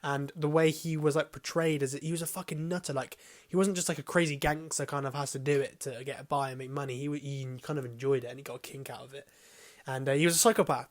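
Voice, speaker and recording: A man gives a casual, rambling film review, full of hesitations and casual swearing. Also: mid-range voice.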